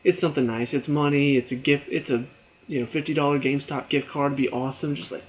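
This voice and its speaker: A man's voice: fairly high pitch, fairly even intonation, fast, highs cut off. Chatty young man reviewing a TV episode. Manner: chatty, rambling, laughs often, acts out reactions. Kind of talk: casual video review.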